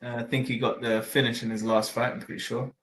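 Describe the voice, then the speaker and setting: A man's voice: mid-range voice, little pitch movement, quick pace, fairly bright tone, rough recording. A man hosting a casual fight podcast, rambling with lots of fillers and restarts and casual swearing. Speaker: podcast host.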